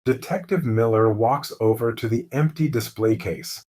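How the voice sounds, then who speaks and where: A man narrating a mystery story slowly and clearly as host of a lesson for English learners. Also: mid-range voice. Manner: calm, clear, deliberate.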